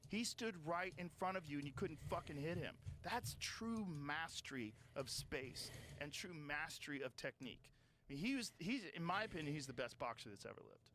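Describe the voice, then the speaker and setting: A man's voice: fairly high pitch, animated, normal speed, a bit bright. A man talking animatedly and profanely as a podcast host in casual chat.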